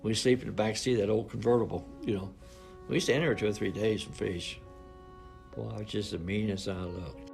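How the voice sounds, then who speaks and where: Gravelly older man telling folksy stories. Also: lowish voice, fairly quick, a little mellow, soft background music. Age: 80s. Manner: folksy, rambling, colloquial grammar. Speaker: minister's son recounting family photos. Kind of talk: informal storytelling.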